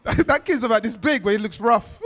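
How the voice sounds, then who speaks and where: A man's voice: very high-pitched, brisk, a bit bright. A young man doing stand-up at an awards event, playfully teasing the kids in the audience in street slang. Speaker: stand-up comedian.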